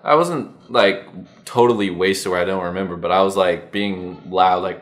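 A man's voice: sits low, normal speed. A young man telling a story on his vlog, slangy and profane, acting out his own past lines. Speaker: vlogger.

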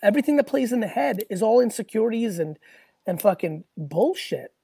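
Blunt, profane man with a husky voice. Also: high voice, lively intonation, fairly quick, no echo, clean studio sound. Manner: blunt, profane and emphatic, often shouting. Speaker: host answering callers' questions. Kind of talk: live Q&A call-in show.

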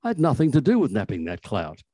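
A man putting on a young convict who whines and splutters about his unfair arrest. The voice sits well above the reader's own and swings up into a high, aggrieved pitch. The sound is close and dry. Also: wildly swooping pitch, fast talker, mellow, slightly rough, dry recording. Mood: indignant. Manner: sputtering, complaining. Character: young male convict, indignant and whiny.

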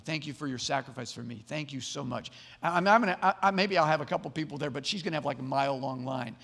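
A man's voice: high voice, creaky, fairly bright tone, long reverb tail. A man preaching a sermon as pastor, earnest, often repeating words as he builds to emphatic points. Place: church sanctuary.

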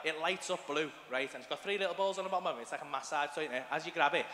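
High-voiced Liverpool comic, live club. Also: male voice, racing, bright, forceful tone. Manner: crude, swearing, acts out scenes in voices. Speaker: stand-up comedian. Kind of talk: stand-up routine. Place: comedy club stage. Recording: live club recording with hall reverb and audience.

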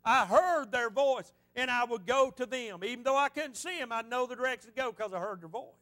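A man's voice: very high-pitched, fast, sharp tone. A male pastor preaching a sermon in a fervent, repetitive style and weaving personal stories into it.

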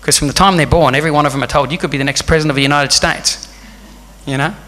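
A man preaching a sermon in a church hall, passionate and building to loud, fervent delivery. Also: on the high side, fairly even intonation, very fast. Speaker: pastor. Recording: long hall reverb.

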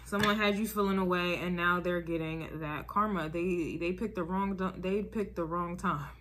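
A woman's voice: lowish voice, steady tone, moderate pace, a bit bright. A woman giving a casual tarot reading to her viewers, emphatic and repetitive, often checking in with "all right?" and "okay?". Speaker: tarot reader.

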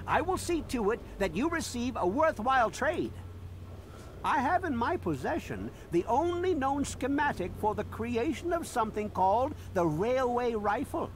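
An actor playing an eloquent male collector of historic relics in a video game, making smooth, salesman-like promises. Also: extremely high pitch, big pitch swings, moderate pace, slight background noise. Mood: persuasive.

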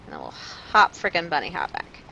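A woman streaming live gameplay, talking to her chat in a jumpy, nervous way with quick laughs. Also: deep voice, huge pitch swings, vocal fry, pushed and bright, a little hiss or hum, low-quality recording. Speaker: game streamer.

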